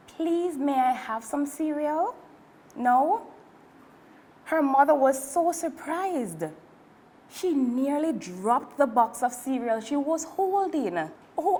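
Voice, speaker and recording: Woman, children's story reading, slow pace, animated, high-ish. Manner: slow and expressive. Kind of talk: reading a picture book to children.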